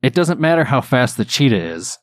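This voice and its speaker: A male podcast co-host with a medium-pitched voice, chatting casually. He rants in an animated way and keeps breaking into laughs. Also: brisk. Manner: laughing often, animated ranting. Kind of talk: casual chat.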